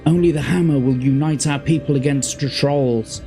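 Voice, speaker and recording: A man with a Birmingham accent voicing a wounded, delirious old male dwarf warrior who shouts frantic warnings. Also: a little high, moderate pace, faint music behind, pitched above the performer's own voice, close to an everyday voice. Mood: weak pleading.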